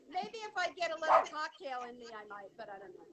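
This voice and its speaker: Giggly high-voiced woman on a video call. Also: very noisy. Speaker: actress guest. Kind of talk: casual video-call interview.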